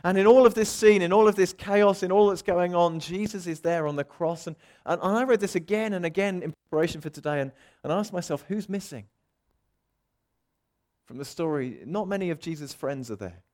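A man's voice: sits high, quick pace, few pauses. Dramatic man preaching a sermon. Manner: dramatic, acts out quoted voices, swings loud and soft.

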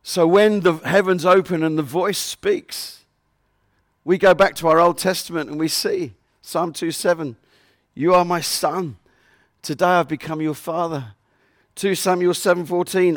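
Male preacher, higher voice, close dry sound, earnest, leans on repeated verses. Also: fairly even intonation, unhurried, no room sound. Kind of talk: sermon.

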